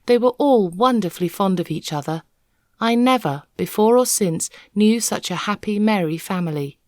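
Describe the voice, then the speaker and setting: A woman reading a children's novel aloud, an expressive, measured storyteller. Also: mid-range voice, no room sound, clean studio sound. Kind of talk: expressive read-aloud narration.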